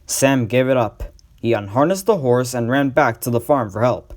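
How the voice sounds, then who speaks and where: A man reading a storybook aloud as the narrator, in a measured, even way. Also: mid-range voice.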